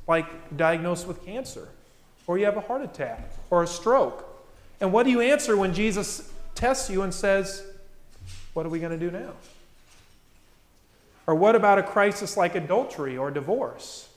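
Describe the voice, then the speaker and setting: A man with a fairly high voice delivers a sermon to his congregation, talking in a relaxed, conversational way and peppering his points with rhetorical questions. His voice rings through a large room with a long reverb tail, heard in a church hall. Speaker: pastor.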